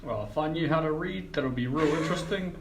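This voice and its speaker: A man's voice: on the high side, fast, noisy background. A young man playing a tabletop game in character, laid-back, slangy and casually swearing. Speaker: player. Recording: roomy echo.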